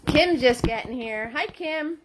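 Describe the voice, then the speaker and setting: A woman's voice: high voice, expressive, a little slow, noisy background. A woman hosting a live-streamed painting class, chatty and upbeat as she greets viewers by name, talking into a phone in a holder. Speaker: paint party host.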